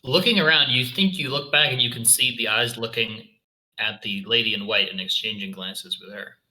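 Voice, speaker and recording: Male game master, very bright voice, describes scenes and rulings, corrects himself mid-sentence. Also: medium pitch, poor audio. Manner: descriptive, measured narration with self-corrections. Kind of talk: narrating a tabletop game.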